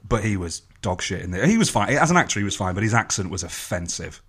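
A man's voice: fairly low pitch, big pitch swings, fast talker, fairly bright tone, slightly rough. A man co-hosting a film review podcast, ranting bluntly and swearing in casual chat. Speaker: podcast co-host.

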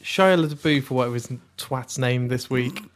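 A man's voice: medium pitch, normal speed. A man co-hosting a podcast, joking and reading out listener questions in casual chat. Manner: jokey, laughing, reads listener questions. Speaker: podcast co-host.

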